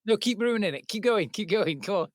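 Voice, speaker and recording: A man's voice: high-pitched, animated, a little fast, no room sound. A man on a film podcast panel, tossing in playful joking asides. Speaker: podcast co-host. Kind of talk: casual film-review chat.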